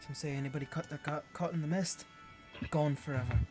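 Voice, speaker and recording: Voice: medium pitch, fairly even intonation, a little fast, over loud music, lightly acted. A gossiping traveler with a lilting Irish-style twang, as the game master puts it on. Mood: ominous. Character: gossiping lost traveler on the road.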